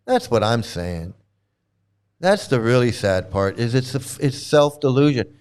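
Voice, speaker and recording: A man's voice: mid-range voice, very animated, measured pace, darkish tone, clear, resonant tone. A male host giving livestream commentary in an emphatic, exasperated way, often repeating himself and swearing. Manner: emphatic, exasperated, repetitive, profane.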